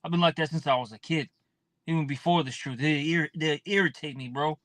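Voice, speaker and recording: A man's voice: fairly high pitch, a little fast, fairly bright tone, no echo. A man teaching from scripture in a blunt, profane, casual preaching style, often tossing in "man".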